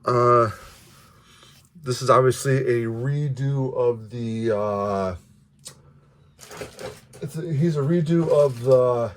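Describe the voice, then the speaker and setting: A man's voice: medium pitch, takes it slowly, long pauses, slight background noise. A man casually reviewing action figures, rambling with many restarts and the odd curse. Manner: offhand, mildly profane. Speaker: toy reviewer.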